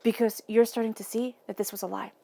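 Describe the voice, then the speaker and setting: A woman giving an intuitive tarot reading, earnest and emotional, speaking softly through affirmations and restarting her thoughts often. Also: fairly high pitch, level tone, fast talker, gravelly. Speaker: tarot reader.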